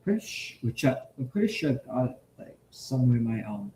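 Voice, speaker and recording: A man streaming his reaction to a video, swearing freely and swinging from shouts to mumbles. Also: medium pitch, very animated, fairly quick, roomy sound, a little hiss or hum. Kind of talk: loud profane reaction commentary.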